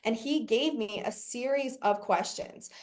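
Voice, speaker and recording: A woman's voice: a little high, measured pace. Brash, swearing woman coach, casual monologue, laughs a lot. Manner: brash, profane, laughs often. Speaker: business coach.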